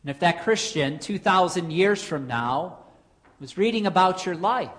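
A woman preaching a sermon in an earnest way, posing rhetorical questions with dramatic pauses. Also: lowish voice, animated.

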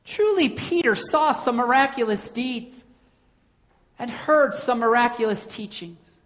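A woman preaching a sermon in an earnest way, posing rhetorical questions with dramatic pauses. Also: on the high side, animated.

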